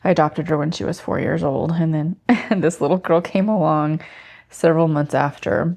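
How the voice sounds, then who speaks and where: Relaxed, mellow-voiced woman in her fifties. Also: deep voice, normal speed. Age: 50s. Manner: chatty, reflective, tearful at times, baby-talks to her dog. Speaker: lifestyle vlogger. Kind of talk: casual vlog talk to camera.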